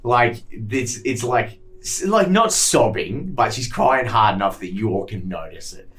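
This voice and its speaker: A man's voice: medium pitch, animated, unhurried, fairly bright tone. A man narrating as game master of a tabletop game, loose and rambling with lots of fillers and casual swearing. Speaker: dungeon master.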